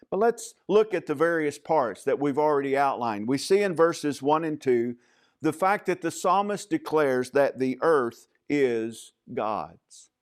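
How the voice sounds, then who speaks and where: A man preaching a sermon as pastor of a church, speaking in a measured, emphatic way with frequent fillers. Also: on the high side.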